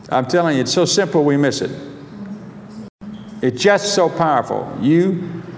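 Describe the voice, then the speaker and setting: A man preaching a sermon, reading scripture aloud with a slow, drawn-out, emphatic delivery. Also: fairly high pitch, animated. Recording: long hall reverb, faint background noise.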